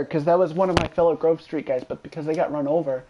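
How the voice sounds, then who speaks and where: Muffled in the recording, a man with a slightly high voice talks at a quick pace while streaming a game. He offers casual gameplay commentary, full of excitable, profane trash-talk and swearing directed at a friend.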